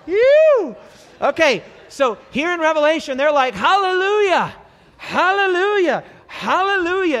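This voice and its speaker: A man preaching a sermon as a pastor, enthusiastic, breaking into shouted hallelujahs. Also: fairly high pitch. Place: church hall. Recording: long hall reverb.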